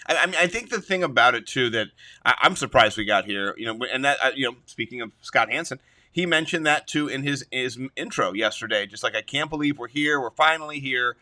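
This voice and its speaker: A man's voice: medium pitch, lively intonation, a little fast, bright, forceful tone. A man co-hosting a casual fantasy football podcast, telling stories in an enthusiastic, jokey way. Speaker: podcast co-host. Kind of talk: casual sports chat.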